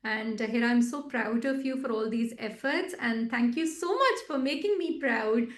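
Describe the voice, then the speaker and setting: A woman's voice: a little high, normal speed. A woman tutor hosting an online video call, encouraging and affectionate with her students. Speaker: course tutor hosting an online congratulations meeting.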